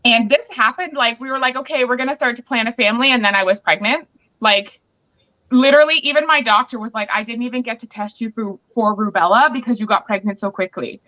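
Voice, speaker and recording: Speaking fast in a voice on the high side, a pregnant woman hosts a podcast and shares a candid story, playing both parties in an argument. The chat is casual, and the audio comes through muffled and lo-fi.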